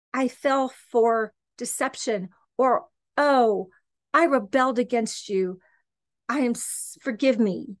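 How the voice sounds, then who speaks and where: A middle-aged woman hosting a podcast, teaching the Bible in an earnest, conversational way and often checking in with "okay" and "right". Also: a little high. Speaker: podcast host and Christian teacher.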